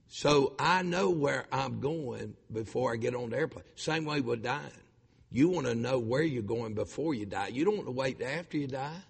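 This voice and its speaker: A middle-aged man, preaching a sermon as a pastor, stammering and repeating himself, rising to shouts. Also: medium pitch, vocal fry, breathy edge, long reverb tail. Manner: impassioned preaching, shouting at peaks, stammered repetitions.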